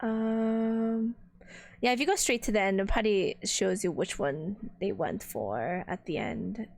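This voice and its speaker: A woman hosting a podcast in casual chat, quick to laugh and tease while watching a game. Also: mid-range voice, expressive, vocal fry, no echo, clean studio sound. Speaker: podcast host.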